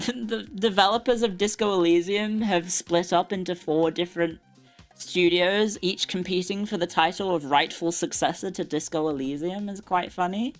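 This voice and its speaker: Young woman streamer, lowish voice, casual and sweary, faint music. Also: fairly even intonation, moderate pace. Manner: chatty, swears, laughs often. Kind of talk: casual live-stream chat. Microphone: desk mic with earbuds.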